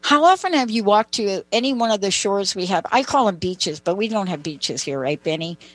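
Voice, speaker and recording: A woman's voice: mid-range voice, expressive, a little fast, soft background music, poor audio. A woman hosting a talk show, telling personal stories in a chatty way and making asides to her co-host. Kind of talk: conversational storytelling.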